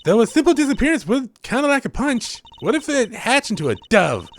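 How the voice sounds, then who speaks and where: A man's voice: big pitch swings, a little fast, fairly bright tone, full character voice. A man doing a bubbly teenage girl magician. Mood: playful. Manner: bubbly, squealing high exclamations.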